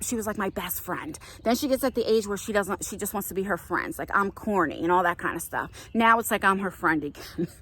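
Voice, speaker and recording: A woman's voice: mid-range voice, fairly bright tone. A woman in her forties telling a story in a chatty walk-and-talk vlog outdoors on a nature trail, filming herself on a handheld phone. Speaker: vlogger.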